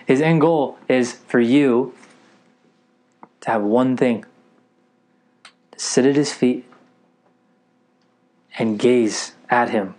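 An eager man preaching a sermon to a gathered group. He keeps pausing to ask whether his listeners are with him. His voice sits at an ordinary male pitch. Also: darkish tone. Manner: eager, keeps checking in with the audience.

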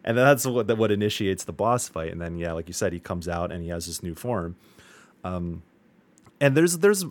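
A man's voice: deep voice, dry recording. A man chatting casually on a podcast, enthusiastic and rambling, with casual swearing and many fillers. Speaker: podcast co-host.

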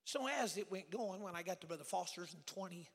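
An older man preaching a sermon as evangelist, folksy and storytelling, rising to shouts. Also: high voice, brisk, husky. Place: church sanctuary. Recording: church hall reverb.

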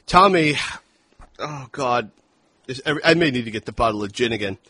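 Husky, profane podcast movie reviewer. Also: male voice, medium pitch, fairly quick. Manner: profane, animated, acts out movie lines. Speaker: podcast co-host. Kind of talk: casual film review chat.

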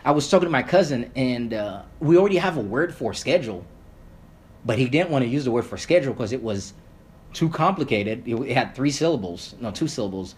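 A man's voice: mid-range voice, brisk. A man who grew up speaking Creole, a podcast guest in casual conversation who rambles, swears and restarts a lot. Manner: rambling, animated, swears, many fillers and restarts.

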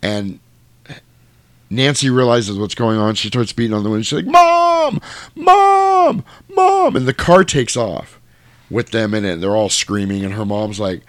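A low-voiced man animatedly retells a film's plot in casual chat, slipping into the characters' lines. The sound is dry and close, with no room around it. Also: moderate pace, no echo. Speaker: podcast co-host. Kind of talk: casual movie recap chat.

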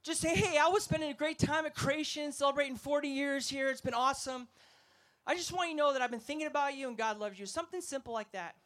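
A man preaching an energetic sermon to a festival crowd, emphatic and asking the audience to respond. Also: very high voice, fast. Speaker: evangelist speaker.

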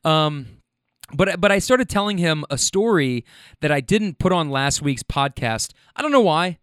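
A man's voice: on the high side, expressive, a little slow, fairly bright tone, clean tone, no room sound, studio quality. Rambling, cussing man telling stories. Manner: rambling, profane, restarts and fillers. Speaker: podcast host. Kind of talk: casual storytelling.

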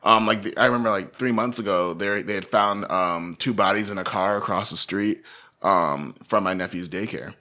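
Guy w a rambling thru a story, bright forceful voice, lots of likes and ums. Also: fairly low pitch, moderate pace. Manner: rambling, animated storyteller with many fillers. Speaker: podcast co-host. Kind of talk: casual chat.

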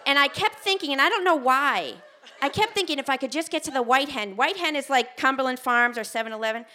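An American woman telling a personal story on a theater stage, animated and self-mocking, acting out what people said. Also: high-pitched, fairly quick. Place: theater stage before an audience.

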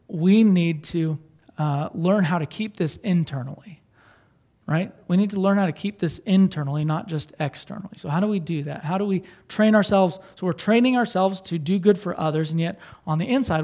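A man's voice: sits high, a little mellow. A middle-aged man, a pastor, preaching a sermon in an earnest, conversational way, often repeating and restarting phrases.

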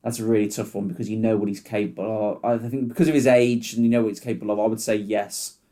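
A man's voice: lowish voice, level tone, quick pace, dark tone. A man who reports on football, chatting casually on a podcast, hesitant and full of restarts. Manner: hesitant, with many restarts and fillers.

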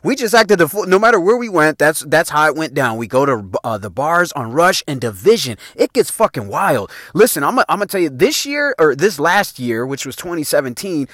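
Animated Chicago man telling stories. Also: fairly high pitch, brisk, few pauses, dry recording, clean studio sound. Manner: animated, slangy, laughs often, rambling. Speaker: podcast host. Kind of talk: casual storytelling monologue.

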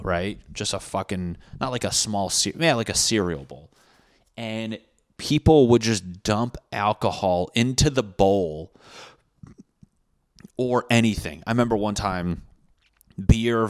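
Deep-voiced young man, crude rambling story. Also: no room sound, studio quality. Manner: crude, swearing, rambling with fillers and restarts. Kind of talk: casual storytelling monologue.

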